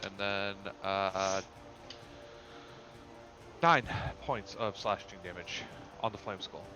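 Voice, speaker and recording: A man's voice: deep voice, slow pace, dull audio, over music. A man playing a tabletop game, dry and blunt, swearing freely. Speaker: player. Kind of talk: casual tabletop play.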